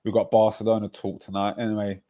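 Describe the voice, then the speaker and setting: A man's voice: fairly low pitch, level tone, fast talker, warm tone. A young man, streaming casual football chat with slang-heavy banter, stutters and restarts. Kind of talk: casual chat reacting to chat messages.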